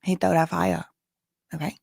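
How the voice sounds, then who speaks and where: A woman's voice: fairly low pitch, flat delivery, moderate pace, creaky, a little mellow, husky, dry recording, clean studio sound. Chatty Cajun woman hosting a livestream. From Louisiana. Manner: chatty, rambling, with filler words and asides. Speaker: livestream host. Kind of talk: casual livestream chat.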